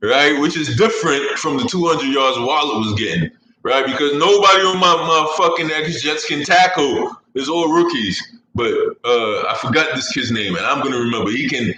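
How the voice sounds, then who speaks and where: Male podcast host, casual and rambling, swears a lot, bright tone, echoey room with faint hum. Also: mid-range voice, normal speed. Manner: rambling, swearing, laughs at own jokes. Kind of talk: casual fantasy sports chat.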